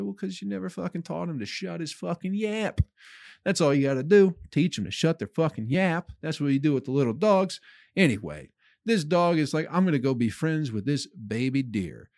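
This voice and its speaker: A man's voice: medium pitch, no room sound, studio quality. A man hosting a comedy podcast, ranting casually with lots of swearing and rambling asides. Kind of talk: casual profane comedic rant.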